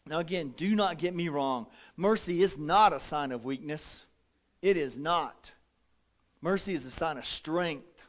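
A man preaching a folksy, animated sermon as pastor, acting out little quotes. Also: a little high, a little slow.

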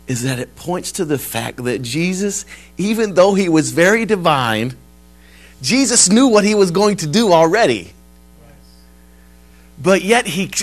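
A pastor preaching at a church service in a rather high, very animated voice. He tells his stories in a storytelling way, dropping to near hushes and then swelling into emphatic lines. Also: poor audio. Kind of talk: sermon.

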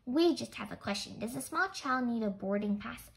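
A woman's voice: on the high side, animated, normal speed, creaky, poor audio. A woman reading aloud, voicing a clever, observant young girl detective in a children's storybook. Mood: thoughtful.

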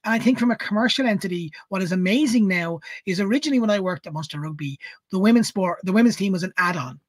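A man hosts a casual sports podcast, speaking quickly and eagerly. His voice is husky, and the sound is dry and close, with no room echo. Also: high voice, lively intonation. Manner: quick, eager, agreeing interjections. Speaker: podcast host. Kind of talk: casual conversational interview.

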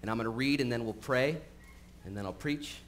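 Man, pastor, relaxed chatty sermon, filler words, middle-pitched voice, live church recording. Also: fairly quick, slight background noise. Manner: conversational, animated storytelling with frequent fillers. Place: church sanctuary. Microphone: live-streamed recording.

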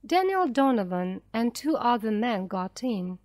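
A woman narrating a graded reader story slowly and clearly for language learners. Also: fairly high pitch, very animated, darkish tone, no room sound. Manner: slow, clear, carefully paced for learners.

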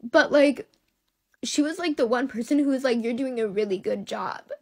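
A woman's voice: on the high side, normal speed, darkish tone. A young woman talking to camera in a casual, heartfelt way, emotional and close to tears, rambling with lots of likes and ums. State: tearful. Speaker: social media creator.

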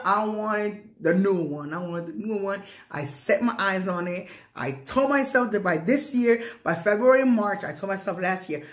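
A woman chats loosely for her home vlog, circling back over the same points and piling on "um" and "you know". Her voice sits at an ordinary middle pitch and turns gushing with excitement. The room around her rings with a noticeable echo. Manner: rambling, repetitive and emphatic, with many fillers; gushing with excitement when showing her purchase. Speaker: vlogger. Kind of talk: casual unscripted vlog.

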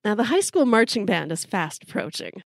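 A woman's voice: mid-range voice, sing-song, normal speed, creaky, dry recording, studio quality. A middle-aged woman, hosting a podcast and telling a comic story with wry timing. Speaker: podcast host.

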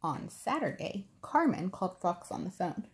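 A woman reading a picture book aloud to preschoolers, gentle and expressive. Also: on the low side, normal speed, background noise. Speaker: preschool storytime reader.

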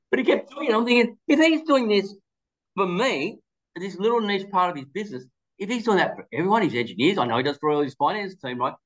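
A man's voice: sits high, animated, a little fast, fairly bright tone, dull audio. A man giving a webinar presentation, telling anecdotes with quoted dialogue. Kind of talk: storytelling presentation.

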